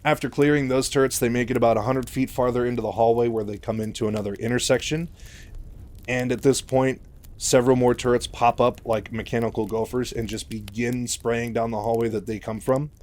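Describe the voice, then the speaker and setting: A man retelling a novel's story in a relaxed, chatty way. His delivery is loose and full of fillers and restarts, and his voice sits at an ordinary middle pitch. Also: brisk.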